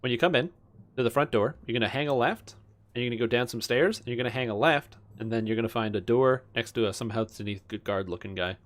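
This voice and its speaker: A man's voice: mid-range voice, fast. A man streaming a game, chatting casually and rambling with many fillers. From Canada. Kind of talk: casual gaming chat.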